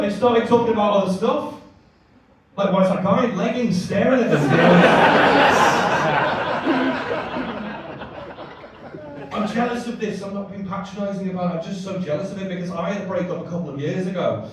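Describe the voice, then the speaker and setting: A man's voice: sits high, moderate pace, long pauses, heavy background noise. Self-mocking man doing stand-up. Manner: chatty, self-mocking, breaks into laughter. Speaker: stand-up comedian. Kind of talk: stand-up comedy set. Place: comedy club stage before a live audience. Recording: echoey live room, distant mic, crowd laughter.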